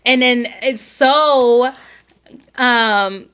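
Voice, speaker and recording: A woman's voice: a little high, very slow, pushed and bright, clear, resonant tone. A young adult woman, co-host of a podcast, telling a story in casual chat with lots of quoting and swearing.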